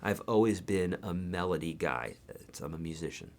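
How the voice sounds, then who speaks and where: A man's voice: deep voice, animated, moderate pace. A man teaching a live guitar lesson in a casual, chatty way, his voice tired and worn, counting beats aloud.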